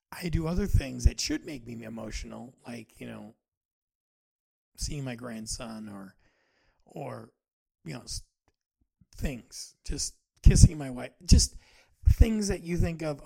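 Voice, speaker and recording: A man in his forties hosting a podcast, talking earnestly and haltingly about his own feelings, often restarting his sentences. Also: mid-range voice, expressive, vocal fry, mellow, husky. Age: 40s. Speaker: podcast host. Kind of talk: personal reflective monologue.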